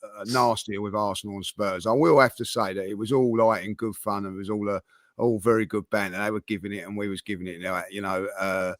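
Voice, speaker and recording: A man's voice: lowish voice, steady tone, fast, fairly bright tone, no echo, studio quality. A man chatting on a football panel, rambling with lots of fillers and restarts. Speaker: football fan pundit. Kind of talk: casual panel chat.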